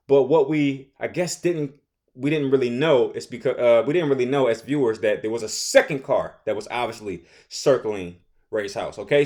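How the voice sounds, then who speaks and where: A young man casually recapping a TV episode, rambling and animated, often acting out characters' lines. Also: mid-range voice. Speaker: show recap host.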